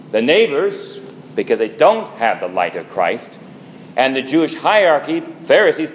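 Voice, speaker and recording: Slow, lively-voiced preaching man in echoey church. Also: medium pitch, a little hiss or hum. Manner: slow, deliberate preaching with rising emphasis and rhetorical questions. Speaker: priest. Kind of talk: sermon. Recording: echoey church with long reverb.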